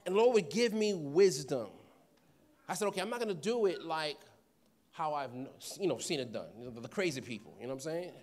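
Animated high-voiced preacher man. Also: brisk. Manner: animated, acts out voices, laughs often. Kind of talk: sermon with storytelling.

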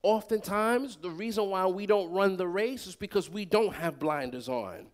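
High-voiced man preaching a sermon. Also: normal speed. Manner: call-and-response preaching, swinging between loud and soft.

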